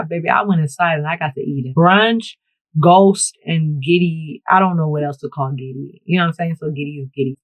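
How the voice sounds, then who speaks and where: A woman's voice: sits low, dry recording. A woman vlogger telling a story to her viewers while getting ready, chatty and profane, with sudden bursts of emphasis. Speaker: beauty vlogger. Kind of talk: casual get-ready-with-me storytime. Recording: dry, tinny phone-like audio.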